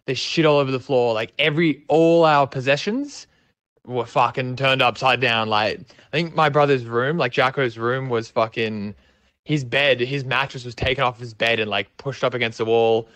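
A man's voice: mid-range voice, moderate pace, fairly bright tone, no echo. A young man with an Australian accent, telling a rambling, sweary story in a casual way. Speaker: storyteller guest.

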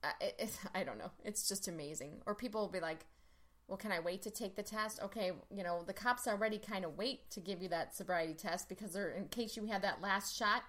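A woman's voice: mid-range voice, brisk, hardly any pauses, fairly bright tone. A woman in casual conversation, telling stories animatedly with lots of "like" fillers. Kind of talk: casual chat.

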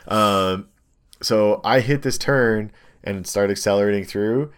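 Casual storyteller: young guy, lowish voice, animated and rambling with lots of filler words. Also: measured pace, smooth. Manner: rambling, animated storytelling with many ums and likes. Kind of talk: casual chat, telling a story.

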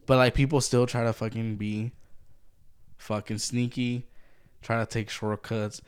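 A man's voice: mid-range voice, little pitch movement, measured pace, smooth. Blunt, foul-mouthed podcast man. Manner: blunt, heavy swearing, lots of "like". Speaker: podcast co-host. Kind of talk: casual profane podcast chat.

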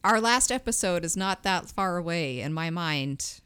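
An upbeat woman co-hosting a casual food podcast, sharing her opinions in a lively way. Her voice is bright and crisp, smooth and clear, and sits a little low for a woman. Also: moderate pace, no echo. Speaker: podcast co-host. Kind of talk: casual chat.

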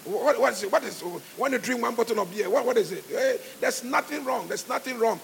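A male pastor preaching a sermon, calling on the congregation to respond and shouting his exhortations, recorded live in church with music underneath. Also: very high-pitched, expressive, brisk, vocal fry, a little hiss or hum.

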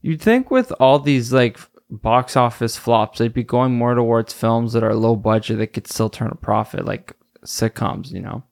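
A man's voice: mid-range voice, moderate pace, vocal fry, darkish tone. A man hosting a solo podcast, rambling casually, laughing often and stopping to search for names. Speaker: podcast host.

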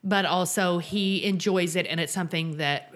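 Casting: female podcast co-host, slightly low voice, casual, salty, lively recap chatter. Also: normal speed. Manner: animated, profane, acts out characters' lines. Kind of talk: casual chat recapping a TV episode.

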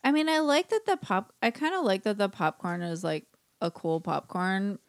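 A woman's voice: mid-range voice, moderate pace, no echo. A woman co-hosting a podcast in casual chat, full of fillers, laughing often. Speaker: podcast co-host.

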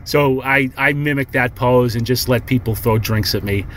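A man's voice: medium pitch, moderate pace, a bit bright, slight background noise. A man calling in to a podcast, telling a rambling comic story full of swearing and "he goes". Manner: profane, rambling, lots of "he goes" retelling. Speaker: caller leaving a message for a podcast. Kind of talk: casual comedic storytelling.

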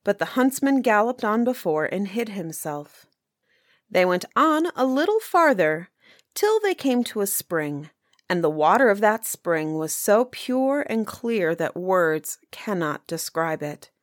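Woman storyteller, unhurried old-fashioned fairy-tale reading, close and dry sound. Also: medium pitch, sing-song, dry recording. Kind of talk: reading a folk tale aloud.

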